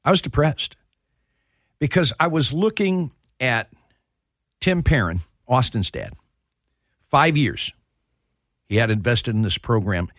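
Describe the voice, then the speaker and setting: A man's voice: mid-range voice, animated, slow pace, pauses often, a bit bright, no room sound, clean studio sound. A middle-aged man hosting a sports talk radio show, telling heartfelt stories with plenty of restarts. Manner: heartfelt storytelling.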